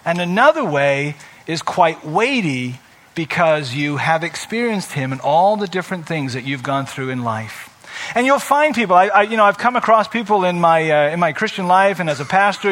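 A middle-aged man preaching a sermon in a high, bright voice. He is earnest and asks his listeners rhetorical questions. He leans on repeated phrases to drive each point home. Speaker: pastor.

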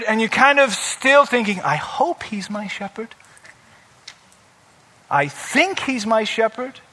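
A man's voice: high-pitched, pushed and bright. A middle-aged male pastor preaching a sermon, earnest, asking rhetorical questions and repeating phrases for emphasis.

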